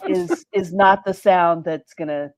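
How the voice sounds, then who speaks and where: A woman's voice: on the low side, fairly even intonation, unhurried, no echo. Blunt, swearing woman in casual chat. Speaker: panelist on a live riff show.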